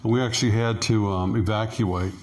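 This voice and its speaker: A man's voice: lowish voice, steady tone, a little fast. A middle-aged man casually telling a rambling personal story, full of fillers and acted-out quotes. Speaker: interview guest, expat.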